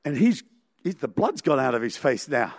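A man's voice: mid-range voice, big pitch swings, normal speed, gravelly, slightly rough, dry recording. A man preaching a sermon, telling a story animatedly with sound effects and chuckles.

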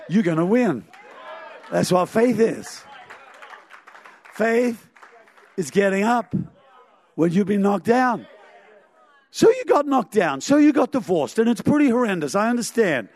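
A man's voice: high-pitched, sing-song, measured pace, pauses often, a little mellow, some chatter behind. A man preaching a sermon, telling a story animatedly with sound effects and chuckles.

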